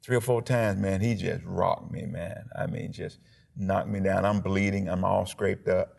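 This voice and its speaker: Speaking at a measured pace in a TV interview, this Alabama pastor, once a football player, has a deep and very gravelly voice with punchy emphasis. He animates his story vividly, using sound effects to act out key moments.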